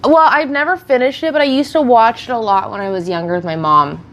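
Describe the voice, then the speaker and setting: A woman with a fairly high, fairly bright voice talks fairly quickly in a casual get-ready-with-me livestream, rambling as she answers viewer questions. She's on a close streaming mic, and the sound is lo-fi.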